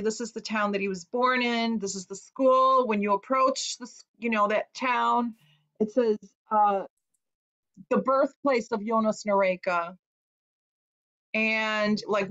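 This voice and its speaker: A woman from Chicago, an author giving a talk, recounting a personal story in an earnest, emotional way with hesitant pauses. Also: a little high, fairly bright tone, highs cut off. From Chicago, USA.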